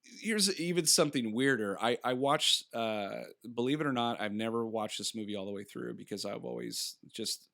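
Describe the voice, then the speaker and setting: A man with a gravelly, bright and forceful voice, chatting casually in a rambling way as a podcast co-host. He laughs often and slips into quick impressions as he talks. He sounds to be in his thirties. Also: mid-range voice. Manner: rambling, laughing, acting out characters. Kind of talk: casual film review chat.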